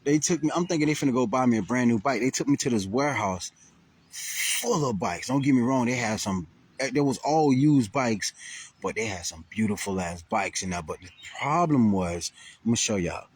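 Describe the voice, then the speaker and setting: Near Burlington, Vermont, a man vlogs to camera in a medium-pitched, slightly rough voice at normal speed, with no room sound. He spins a rambling, profane tale in an animated, casual way, restarting often and using many fillers.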